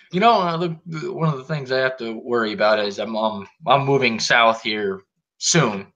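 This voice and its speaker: A man's voice: medium pitch, normal speed, bright, forceful tone, lo-fi sound. A man hosting a casual podcast chat, opinionated and blunt with jokey banter. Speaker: host.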